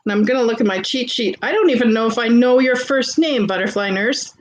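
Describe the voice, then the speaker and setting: A woman with a Canadian accent, hosting a live vintage sale and chatting warmly with viewers as she shows jewelry. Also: on the high side, a little fast, a little hiss or hum, rough recording. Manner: chatty and gushing, greets viewers by name. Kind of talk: casual live-stream selling.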